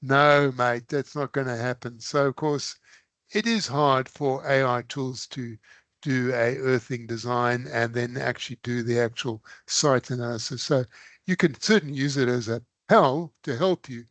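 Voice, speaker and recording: A man's voice: mid-range voice, fairly even intonation, unhurried, a bit bright, no room sound. A man presenting a live online engineering webinar, chatty and loose, with sudden emphatic bursts.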